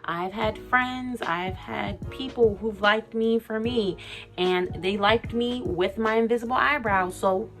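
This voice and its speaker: A woman's voice: fairly high pitch, a little slow, faint music behind. Articulate young woman opening up on camera. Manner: articulate, open, emotional. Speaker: vlogger. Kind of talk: candid confessional vlog.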